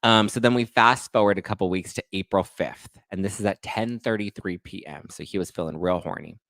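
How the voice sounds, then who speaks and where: A man's voice: low voice, brisk, gravelly, a bit bright, dry recording. A man hosting a reality TV gossip show, reading text messages aloud and adding sassy, sarcastic asides. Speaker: pop culture podcast host.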